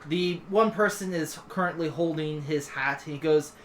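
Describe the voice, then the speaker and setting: A man's voice: fairly high pitch, moderate pace, slight background noise. A man narrating as game master in a tabletop game, in a casual, filler-laden way.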